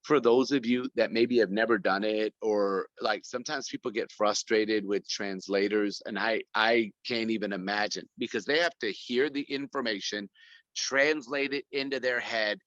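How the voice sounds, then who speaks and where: Man on a phone call, bright forceful voice, dry dull sound, gushing, keeps restarting. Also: on the low side, steady tone, normal speed, no echo. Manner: rambling and effusive, many restarts. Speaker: guest speaker. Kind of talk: casual video call talk. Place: corporate office.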